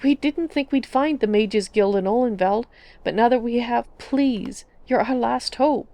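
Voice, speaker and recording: A woman's voice: fairly high pitch, unhurried, dark tone, no room sound, pitched above the performer's own voice. A desperate young mother , voiced by a woman begs through tears in a raised, quavering voice. The sound is close and dry, from a game roleplay. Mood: pleading. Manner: pleading, tearful.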